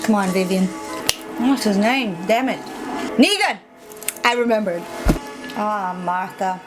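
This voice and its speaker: A woman's voice: mid-range voice, measured pace, over music. A woman chatting casually to herself while reacting to a film at home, muttering asides as she watches. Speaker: movie reaction host. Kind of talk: casual movie reaction commentary. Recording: noisy home recording with background hiss.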